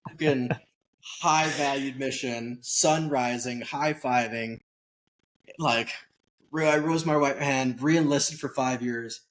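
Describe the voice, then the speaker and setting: A man guest on an interview show, telling a story in a candid, casual way with lively acted-out bits of dialogue. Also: medium pitch, slow pace. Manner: animated storyteller who acts out quoted dialogue; candid, casual, occasionally swears. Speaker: podcast guest.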